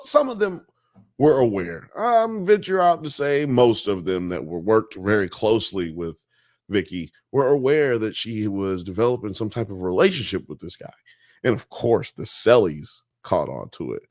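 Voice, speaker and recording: A man hosting a casual live-stream talk show, animated, slangy and joking. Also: on the low side, no echo, studio quality. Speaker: podcast host.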